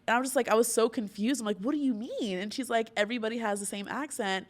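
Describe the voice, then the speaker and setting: A young woman from Orlando, Florida, hosts a podcast and tells a story in casual conversation, full of fillers and frequent laughter. She speaks fast with a fairly high-pitched voice.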